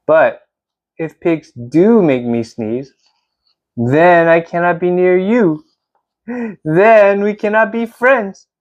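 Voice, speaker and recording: A woman voicing a gloomy, worried male elephant, reading a storybook aloud slowly and anxiously. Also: fairly low pitch, muffled recording. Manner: slow and anxious, sneezing.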